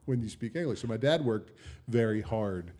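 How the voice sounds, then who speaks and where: A man's voice: lowish voice, lively intonation, moderate pace, mellow. A man co-hosting a casual podcast, joking and explaining at length with fillers into a studio microphone. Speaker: podcast co-host. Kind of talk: casual chat.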